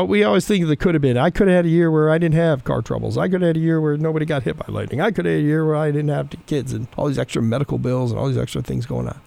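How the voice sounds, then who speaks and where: A middle-aged man preaches in a relaxed, storytelling way, his voice carrying a gravelly edge. He talks like he's chatting with a congregation rather than lecturing. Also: medium pitch. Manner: conversational, folksy storytelling. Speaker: pastor. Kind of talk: sermon.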